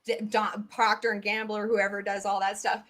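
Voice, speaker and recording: A woman with a Southern US accent, talking as an expert guest in a casual interview, chatty and animated with many fillers. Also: mid-range voice, a little fast.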